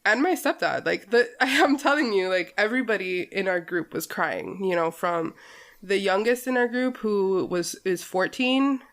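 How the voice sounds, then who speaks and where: A woman's voice: medium pitch, normal speed. A young woman co-hosting a podcast in casual chat, rambling and emotional, laughing often. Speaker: podcast co-host.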